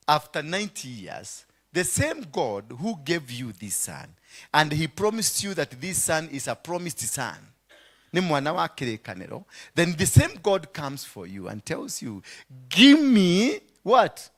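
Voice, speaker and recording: A man with a Kenyan accent preaching a sermon, acting out the voices in his story and swinging from hushed words to shouts. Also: on the high side. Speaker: pastor.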